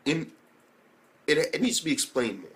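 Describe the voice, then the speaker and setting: A young man casually reviewing an anime episode, excitable and profane, often jumping into exaggerated character voices. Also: on the high side, moderate pace.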